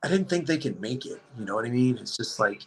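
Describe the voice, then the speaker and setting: Rambling, husky-voiced guy telling a story. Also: medium pitch, fast talker, low-quality recording. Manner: rambling, animated, heavy use of "like". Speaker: podcast guest. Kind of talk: casual storytelling chat.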